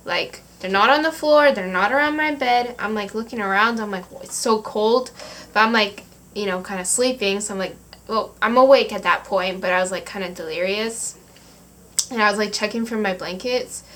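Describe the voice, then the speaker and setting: A woman's voice: mid-range voice, a bit bright. A seventeen-year-old girl chatting casually through a storytime vlog, giggling often and padding her sentences with fillers. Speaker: vlogger.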